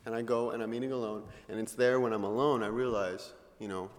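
A man's voice: lowish voice, fast talker. A young man, a student, telling a story at a talk in a large hall, laughing often and acting out what people said. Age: young adult. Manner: animated storyteller, laughs often, acts out quotes. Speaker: student presenter. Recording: noisy hall recording, long reverb.

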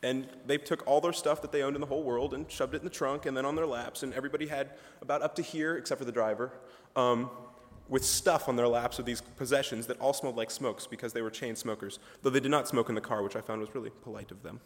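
A man's voice: medium pitch, fairly even intonation, fast talker. A young man, a ministry student, giving a humorous, chatty chapel talk, full of asides and fillers. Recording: reverberant chapel hall.

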